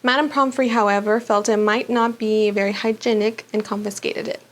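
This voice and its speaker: A woman voicing a calm, kindly old male headmaster wizard who speaks gently and courteously. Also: mid-range voice, normal speed, lightly acted.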